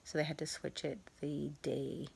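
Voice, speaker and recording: A woman recording a casual vlog from her bed at home after surgery, sore and tired, soft-spoken and halting with many pauses and small laughs. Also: deep voice, flat delivery, gravelly, slightly rough. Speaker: vlogger. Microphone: phone.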